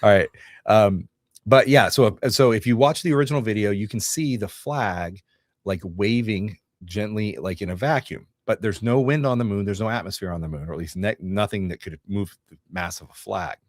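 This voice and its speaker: He's a middle-aged co-host from Northeast Georgia, US, running a loose, jokey livestream and reading out notes and viewer comments. Fairly low pitch, normal speed, studio quality, and no room sound.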